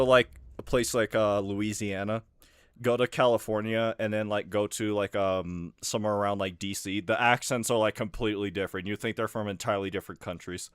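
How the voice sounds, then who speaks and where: A man from the United Kingdom giving casual, chatty gameplay commentary, easily amused and laughing often. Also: on the low side. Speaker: gaming video host.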